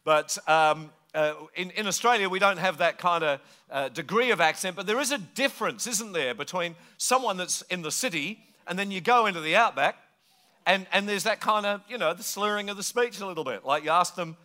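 A man's voice: high voice, animated, brisk, sharp tone. A man from England preaching a sermon in a conversational, joking way, slipping into mimicked voices. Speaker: pastor.

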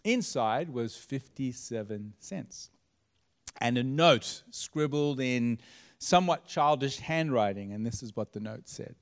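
A man, a pastor telling a story in a sermon, setting each scene with dramatic pauses. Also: medium pitch, lively intonation.

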